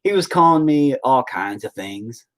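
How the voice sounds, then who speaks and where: Man live streamer, casual chat, crude jokes, lively swooping pitch, sudden loud high yelps. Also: moderate pace.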